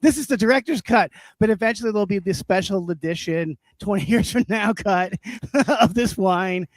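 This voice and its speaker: A man's voice: high voice, normal speed, no echo. A man co-hosting a livestream in casual comedic chat, ranting, swearing and laughing as he tells stories. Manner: profane, ranting, laughs often. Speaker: livestream co-host.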